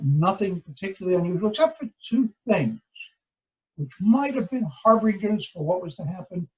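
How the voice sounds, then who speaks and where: An older man, a law professor, giving a formal lecture, with deliberate pacing and stressed key words. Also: high voice, low-quality recording. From United States.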